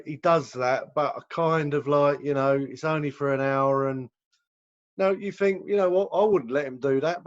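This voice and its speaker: A man who runs a rehab center, explaining recovery in a casual talk over a video call and acting out the people in his examples. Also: on the high side. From England. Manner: conversational, acts out quoted voices. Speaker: rehab director. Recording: dull lo-fi video call audio.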